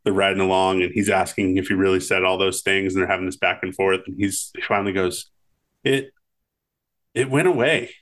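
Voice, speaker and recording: Lowish-voiced chatty podcast man. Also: completely flat delivery, quick pace, few pauses, fairly bright tone. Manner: rambling, laughs through retellings. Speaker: podcast co-host. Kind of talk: casual chat recalling movie scenes.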